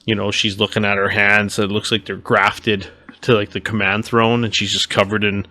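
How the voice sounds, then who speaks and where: A man co-hosting a casual podcast about novels, talking in an animated way and acting out characters' reactions. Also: on the low side, moderate pace. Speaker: podcast co-host. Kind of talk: casual book discussion.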